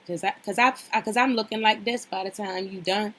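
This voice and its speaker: A woman's voice: medium pitch, normal speed, fairly bright tone. A woman giving casual, opinionated commentary as a vlogger, blunt and swearing freely, talking straight at the people she discusses and repeating herself for emphasis. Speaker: reality show recap vlogger.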